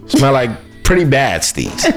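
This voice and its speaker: A man's voice: mid-range voice, huge pitch swings, unhurried, soft background music. A man co-hosting a radio podcast in casual chat, laid-back and reading listener comments aloud with emphasis. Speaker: podcast co-host. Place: podcast studio.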